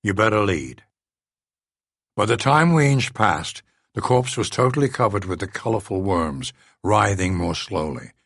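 A man giving a measured, dry first-person audiobook narration into a close studio mic. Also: on the low side, expressive, vocal fry, fairly bright tone, no room sound.

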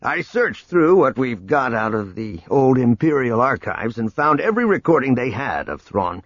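A man's voice: mid-range voice, big pitch swings, moderate pace, no room sound, lo-fi sound. A man doing a confident, earnest adventurer. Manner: positive, earnest.

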